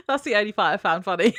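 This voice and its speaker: A woman's voice: medium pitch, fairly bright tone, no room sound, clean studio sound. A British woman co-hosting a podcast, chiming in with joking reactions and playful asides. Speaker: podcast co-host. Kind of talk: casual chat.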